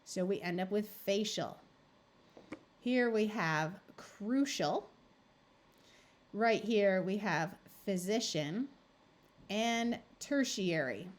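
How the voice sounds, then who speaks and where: A woman tutor walks through a reading lesson at a patient, steady pace. She sounds out words and their parts clearly. Her voice sits at an ordinary middle pitch. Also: takes it slowly, long pauses. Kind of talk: recorded phonics lesson.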